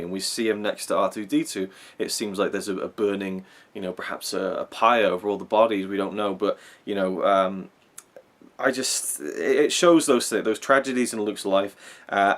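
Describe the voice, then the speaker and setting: Man with a lowish voice, casual fan commentary, rambling delivery, repeats and restarts words. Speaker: film review channel host.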